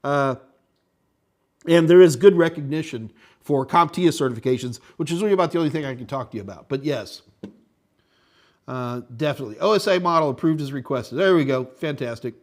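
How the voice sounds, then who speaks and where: Guy running a live tech q&a stream, rambly and chatty, kinda higher voice for a man. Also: brisk. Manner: rambling, reads viewer chat aloud, thinks out loud. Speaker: tech instructor and show host. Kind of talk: live-stream Q&A, casual chat.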